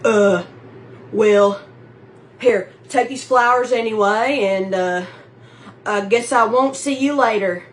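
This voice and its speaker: A woman's voice: on the high side, slow pace, pauses often, slight background noise. A woman voicing a bumbling, lovestruck man with a put-on Southern accent in a comedic one-person movie reenactment. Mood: awkward earnest. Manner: earnest, awkward and rambling.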